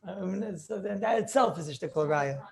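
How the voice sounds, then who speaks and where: A man's voice: high voice, lively intonation, moderate pace, vocal fry, a little mellow. A man teaching a Talmud class over a video call, thinking aloud with many restarts and questions to his students.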